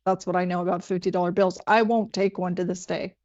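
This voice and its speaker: A woman's voice: on the low side, level tone, fast, a little mellow. A woman co-hosting a podcast in casual chat as a rodeo journalist, dry and teasing. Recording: dull lo-fi sound.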